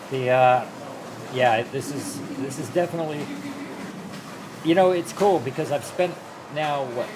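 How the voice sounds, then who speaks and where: A man hosting a relaxed live stream, rambling along with plenty of fillers and restarts. His voice sits at an ordinary middle pitch, and steady noise hums behind him throughout. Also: a little slow. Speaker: host. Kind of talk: casual live-stream chat.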